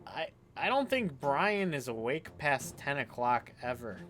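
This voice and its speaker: Man, Kentucky accent, game streamer, quick joking chatter, swears a lot, faint game music behind. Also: medium pitch, sing-song, a bit bright. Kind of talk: casual live-stream commentary.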